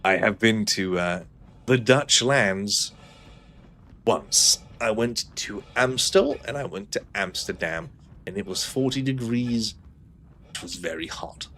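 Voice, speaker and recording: A man's voice: fairly low pitch, takes it slowly, pushed and bright. A man whose first language is not English, with a mixed, upper-class English-sounding accent, chatting dryly and swearing while streaming a game and reading chat. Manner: dry, jokey, swearing often.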